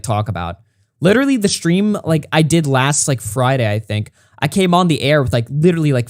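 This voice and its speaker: A man's voice: medium pitch, no room sound, clean studio sound. A man streaming, reacting to a critic's video with mocking, sarcastic, heavily profane commentary. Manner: mocking, sarcastic, heavy swearing.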